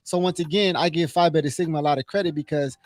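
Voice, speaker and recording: High-voiced man telling a story. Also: quick pace, no room sound. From Inglewood, California. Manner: animated storyteller, quotes others in raised voice, swears casually. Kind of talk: casual storytelling chat.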